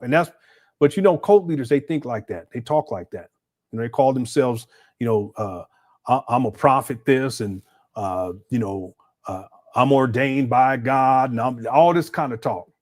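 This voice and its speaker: A middle-aged man hosting a livestream and reacting to clips in loose, colloquial talk. He often stammers and repeats himself as he reacts in disbelief. His voice sits a touch high for a man. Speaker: livestream host. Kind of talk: casual commentary.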